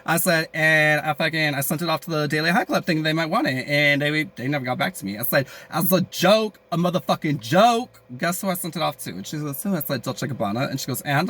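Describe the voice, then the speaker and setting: Fast rambling animated young man vlogging. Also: fairly high pitch. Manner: crude, rambling, joking, many fillers. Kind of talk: casual rambling vlog.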